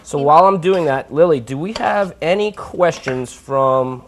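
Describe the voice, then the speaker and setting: A man's voice: on the high side, unhurried, slight background noise. A man from New York hosting a live cooking show, chatting informally while he cooks. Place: home kitchen.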